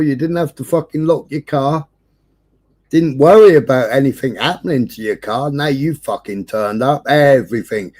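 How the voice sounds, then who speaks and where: A man, mid-pitched, spinning a yarn on a live stream. He swears in nearly every breath and tells it with animated, indignant energy. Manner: swears constantly, animated storytelling. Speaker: livestream host. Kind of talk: casual chat. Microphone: streaming setup.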